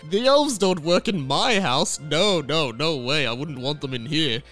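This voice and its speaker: A man's voice: on the high side, expressive, a little slow, a bit bright, faint music behind. A man voicing a smug, callous old Santa Claus in an improvised comedy sketch. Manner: self-satisfied, dismissive, snaps insults.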